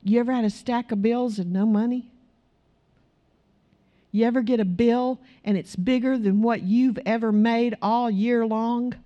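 A woman's voice: on the high side, steady tone, a little slow, dull audio. A woman preaching a sermon in church, emphatic and asking her congregation rhetorical questions.

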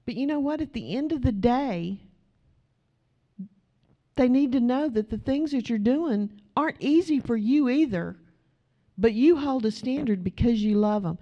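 Middle-aged woman pastor, sermon in a church, firm and direct, pitched a little high. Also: lively intonation, measured pace, dark tone, lo-fi sound. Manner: emphatic, direct, addresses the congregation.

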